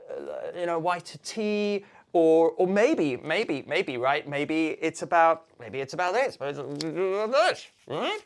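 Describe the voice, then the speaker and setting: A woman with a low voice, ranting casually into the camera. Her pitch swings all over the place as she swears her way through a theatrical, animated tirade. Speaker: video maker.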